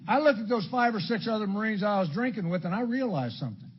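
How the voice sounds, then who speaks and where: An older man from Illinois sharing his story at a recovery meeting, blunt and crude, with dark humor. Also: high voice, animated, fast talker. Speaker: AA speaker. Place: meeting hall before an audience. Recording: dull lo-fi talk recording with faint background noise.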